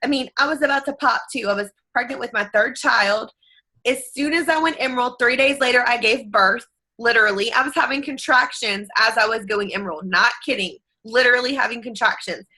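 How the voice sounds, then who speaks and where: A woman in her thirties giving an earnest, energetic motivational talk, full of faith and speaking straight to her listeners. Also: on the high side, brisk. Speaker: network marketing team leader.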